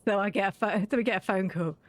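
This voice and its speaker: A woman's voice: mid-range voice, quick pace, no room sound. A woman streaming a game, chatting and telling stories with frequent laughter. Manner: chatty, laughs often mid-story. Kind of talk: casual storytelling while gaming.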